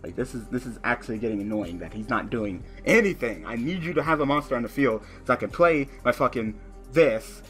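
A man's voice: fairly quick, fairly bright tone, soft background music. A young man giving profane, frustrated commentary on his online card game, cursing at his opponent. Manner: ranting in a high, laughing voice.

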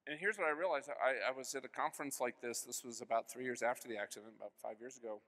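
A man's voice: mid-range voice, fast talker, few pauses, fairly bright tone, in a large hall. A man in his forties giving an earnest personal testimony at a conference, acting out the voices of people in his story. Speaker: conference speaker. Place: conference hall.

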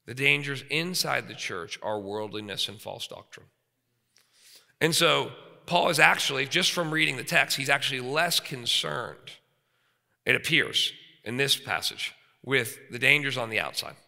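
The recording captures a reverberant seminary chapel hall, where a man in his forties gives an emphatic sermon. He speaks at a measured pace with animated delivery, vocal fry, and a sharp tone at medium pitch, often pausing for rhetorical checks with listeners.

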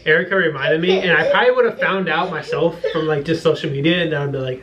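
A man's voice: fairly high pitch, fast, hardly any pauses, dull audio, crowd noise. A man casually vlogging at home with his family, playful and teasing. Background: baby crying, household noise.

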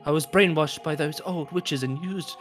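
A man's voice: a little high, moderate pace, faint music behind, natural voice. A man voicing a bold, proud young desert woman warrior, reading game dialogue aloud with a dramatic touch. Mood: proud, earnest.

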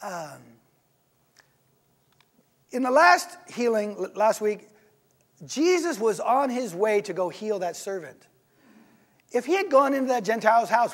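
A man preaching a sermon in church, in a conversational, animated way, often asking his listeners rhetorical questions. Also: very high-pitched.

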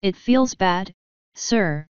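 A woman voicing an earnest older male police sergeant who drops his g's and speaks in rough, plain grammar. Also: mid-range voice, expressive, extremely slow, dry recording, dull audio. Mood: worried.

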